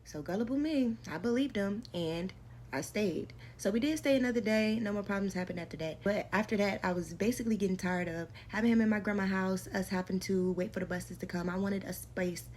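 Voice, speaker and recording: A woman's voice: mid-range voice, fairly quick, darkish tone, a little hiss or hum. A young adult woman telling her own story in a casual storytime vlog, slangy and emphatic, repeating lines for effect.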